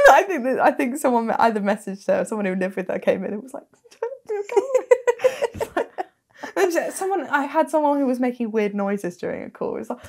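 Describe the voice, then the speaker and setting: A young woman with a fairly high voice co-hosts a podcast in a loose, giggly chat. She reads listener messages aloud and reacts with animated disbelief and frequent laughter. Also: fast. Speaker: podcast co-host. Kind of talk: casual chat.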